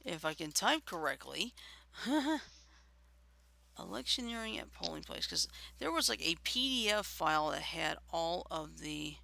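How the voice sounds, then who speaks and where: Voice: mid-range voice, sing-song, measured pace, vocal fry, bright, forceful tone, no echo. A co-host from Alabama in casual chat on a live stream, talking things through aloud while looking them up. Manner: chatty, thinks aloud while searching. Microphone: streaming setup.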